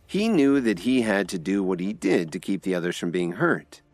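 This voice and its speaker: Low-voiced, expressive male narrator. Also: normal speed, no echo. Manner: expressive storytelling. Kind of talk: scripted audio drama narration.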